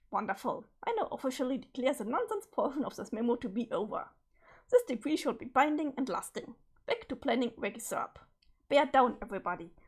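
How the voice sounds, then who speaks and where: A woman's voice: high voice, husky, heavily acted. A woman reading a ranting, foul-mouthed troll boy. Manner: ranting, sarcastic, swearing. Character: foul-mouthed, hot-tempered teenage troll boy leader. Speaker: streamer. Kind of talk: reading a webcomic aloud with voices.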